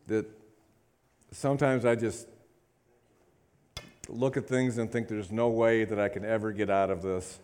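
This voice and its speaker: A man's voice: on the low side, a little mellow, clean tone. A man preaching a sermon to a congregation, fervent, repeating phrases and calling out to the room. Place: church service.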